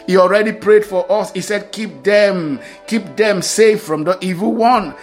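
A man's voice: sits high, a little slow, hardly any pauses, soft background music. A man preaching a sermon, reading scripture aloud and repeating key phrases with emphasis.

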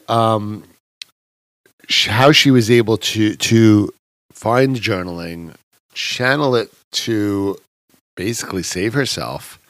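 A man with a New York accent hosting a podcast interview, chatty and animated, with dry humor. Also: lowish voice, no room sound. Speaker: podcast host.

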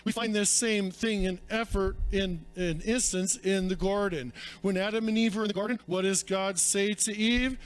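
A man's voice: high-pitched, steady tone, normal speed, hardly any pauses, clean tone. A male pastor preaching a sermon, emphatic and repetitive, calling his listeners friends.

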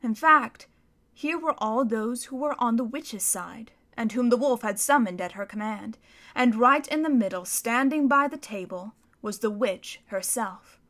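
A woman narrating a children's story aloud in an expressive, dramatic reading style. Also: a little high, a little slow.

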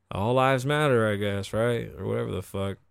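A man's voice: lowish voice, measured pace, gravelly, clear, resonant tone, dry recording, clean studio sound. A man hosting a podcast, riffing on news in a casual, profane and opinionated way. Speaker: podcast host.

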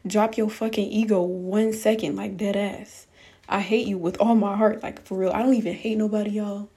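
A woman's voice: mid-range voice, steady tone, normal speed, dark tone. A young woman telling viewers a story in a casual storytime rant, blunt, profane and exasperated. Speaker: vlogger.

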